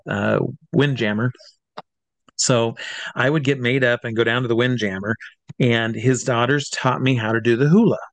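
A man's voice: medium pitch, no echo. Man, stage entertainer and interview guest, casual yarn-spinning full of fillers, dry close sound. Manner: chatty, with many fillers and restarts. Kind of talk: casual anecdotal storytelling.

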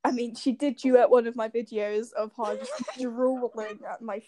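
Teenage girl, very high voice, giggly, teasing, casual podcast chat. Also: steady tone, measured pace, warm tone, dry recording, studio quality. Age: teens. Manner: giggly, teasing, laughs often. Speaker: podcast co-host. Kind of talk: casual chat between friends.

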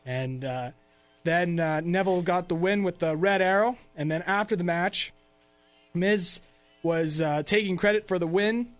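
This man talks in a notably high voice, easygoing and rambling as he recaps things for his podcast. He laughs often and keeps it loose and conversational. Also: a little slow, faint music behind. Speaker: podcast host. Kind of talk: casual chat recapping wrestling.

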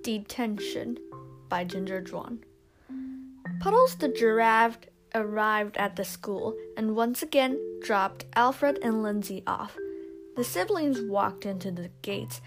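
A woman reading a children's story aloud at a slow, measured pace. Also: fairly high pitch, animated. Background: instrumental music.

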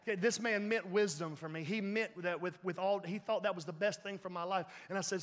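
A man preaching a sermon as a pastor, telling his story in a lively way, acting out voices and laughing along. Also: sits high, brisk, few pauses. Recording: long reverb of a large hall.

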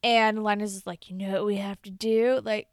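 A woman's voice: mid-range voice, moderate pace, dry recording, clean studio sound. A young woman co-hosting a podcast, animatedly retelling episode scenes and acting out the lines. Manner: animated retelling with quoted voices and swearing. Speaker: podcast co-host. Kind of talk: casual recap chat.

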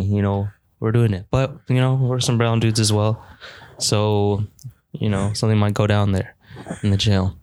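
A man's voice: lowish voice, no echo, clean studio sound. A man co-hosting a podcast in casual chat, joking and teasing his friends.

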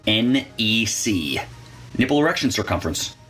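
A sleazy, brash con man, played by a man, who fakes being an exorcist. His delivery is cocky and crude with a lively, swinging pitch. Faint music sits behind him. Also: normal speed, slightly rough, full character voice.

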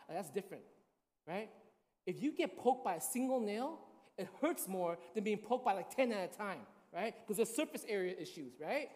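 Conversational preacher in a ringing hall. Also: female voice, mid-range voice, lively intonation, normal speed, darkish tone. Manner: conversational, storytelling, asks the congregation often. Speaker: pastor. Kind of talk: sermon. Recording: long hall reverb.

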